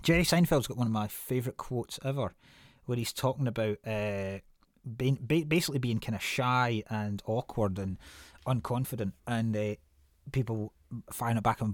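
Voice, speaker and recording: A man hosting a casual podcast chat, telling rambling, animated stories with plenty of swearing and restarts. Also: medium pitch, moderate pace, dry recording, clean studio sound. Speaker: podcast host.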